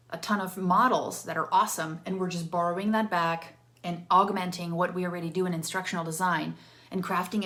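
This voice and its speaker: A woman coaching viewers on interactive storytelling in a casual, animated teaching talk, often tagging sentences with a rhetorical "right?". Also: lowish voice.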